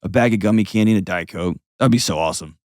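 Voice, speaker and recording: Low-voiced man coaching a caller. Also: racing, darkish tone, dry recording, clean studio sound. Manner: blunt, coaching, vivid imagery. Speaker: host. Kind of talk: advice call-in show.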